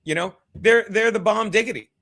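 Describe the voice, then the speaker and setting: A man's voice: high voice, brisk, creaky, fairly bright tone. A man hosting his own livestream, rambling and swearing casually as he chats with viewers from home. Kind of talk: casual solo livestream chat.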